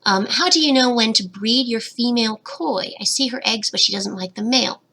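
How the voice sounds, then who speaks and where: A woman's voice: on the high side, a little fast, pushed and bright. A young woman hosting a casual livestream Q&A, reading chat comments aloud and giggling, her voice slightly cracking, into a webcam at home. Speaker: fish-keeping channel host, betta breeder.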